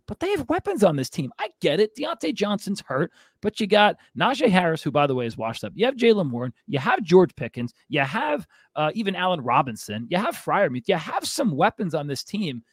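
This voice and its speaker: A man's voice: high-pitched, very animated, brisk, hardly any pauses, slightly rough, no room sound, studio quality. A man co-hosting a sports podcast, ranting in a fired-up, exasperated way. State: out of breath. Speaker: podcast co-host.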